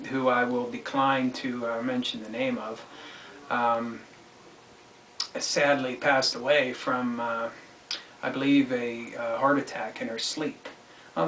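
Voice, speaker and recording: A man hosting his own online commentary show, talking alone in a halting, deliberate way. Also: medium pitch, fairly bright tone. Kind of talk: solo spoken monologue. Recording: echoey room, distant mic, faint noise.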